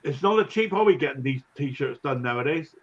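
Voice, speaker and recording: A man hosting a casual livestream chat, chatty and quick to laugh as he greets viewers. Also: mid-range voice, lively intonation, a crowd in the background. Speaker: livestream host. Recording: lo-fi dull audio.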